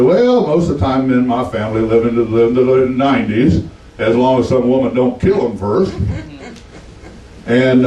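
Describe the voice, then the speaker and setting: A man's voice: mid-range voice, warm tone, echoey room, far from the mic, poor audio. A man in his seventies with a Texan accent, doing stand-up and telling folksy stories in a drawl, voicing the people in them. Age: 70s. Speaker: stand-up comedian. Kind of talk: stand-up storytelling.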